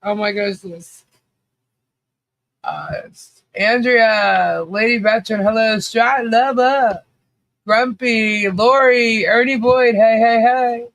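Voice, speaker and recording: Hosting a casual livestream, a man greets viewers by name, sounding a little nasal from allergies. His voice is high-pitched, a bit bright, and fairly even, and he takes things slowly. He's chatty, laughs often, and uses many fillers and restarts.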